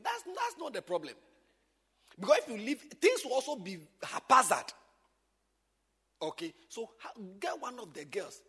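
A man's voice: very high voice, a little fast, husky, long reverb tail. A man, teaching church workers in an emphatic, repetitive way. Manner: animated, emphatic, repeats points.

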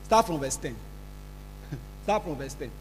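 Preacher guy scolding the congregation, high lively voice, big echoey church hall w faint music. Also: measured pace. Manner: scolding, repetitive, bursts into shouts. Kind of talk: sermon.

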